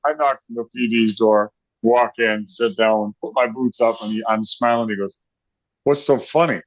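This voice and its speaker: Speaking at a moderate pace in a fairly low, fairly evenly inflected voice, a middle-aged man recounts an anecdote as a guest on an interview. He's a rock singer, and he tells it animatedly, often laughing and acting out the people involved. There's no room sound, and the audio is dry, slightly dull lo-fi.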